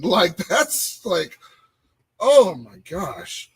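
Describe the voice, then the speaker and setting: A man, co-hosting a casual podcast and telling animated stories about his old job. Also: high voice, extremely slow, slightly rough, rough recording. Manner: animated storytelling, repeating phrases. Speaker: podcast co-host. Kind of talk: casual chat.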